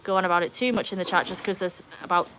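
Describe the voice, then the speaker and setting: A livestream host from North Yorkshire, England, chats casually with wry, self-mocking remarks in a Yorkshire accent. She talks very fast in a lowish, fairly bright voice. There is slight background noise.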